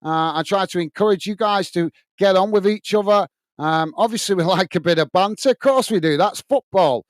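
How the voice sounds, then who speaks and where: A man with a high, smooth voice hosts a live football watch-along, talking earnestly to viewers with plenty of fillers and false starts. The sound is dry and close, as if from a headset at home. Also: fairly quick, no echo. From England. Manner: chatty, restarting often with fillers, earnest. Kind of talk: live match commentary and chat. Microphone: headset earpiece.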